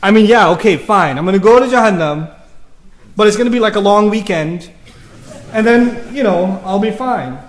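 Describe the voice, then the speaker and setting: A man's voice: high voice, moderate pace. A man giving an earnest, conversational sermon in a mosque, acting out the inner voices of his listeners. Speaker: preacher. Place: mosque hall.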